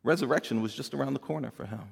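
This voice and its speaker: A man's voice: medium pitch, very fast, gravelly, breathy edge. Male pastor mid-sermon, earnest and repetitive, ringing church-hall echo. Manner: earnest, swings from hushed to rising emphasis, repeats words.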